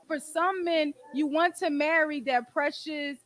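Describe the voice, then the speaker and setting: A woman's voice: high-pitched, fairly even intonation, measured pace, a bit bright, poor audio. A woman hosting a casual talk show, with a Philadelphia accent, blunt and profane, acting out quotes as she talks. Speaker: host. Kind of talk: candid casual chat.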